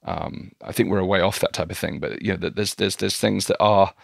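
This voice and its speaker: A man with a low, gravelly voice talks earnestly as a podcast guest. He often breaks off and restarts his phrases. The sound is close and dry, with no room echo. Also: steady tone, fairly quick. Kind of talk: casual conversation.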